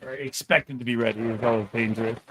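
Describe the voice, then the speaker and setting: A man co-hosting a livestream in a quick, chatty way. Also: mid-range voice, fairly even intonation, fairly bright tone, slight background noise. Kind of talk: casual livestream chat.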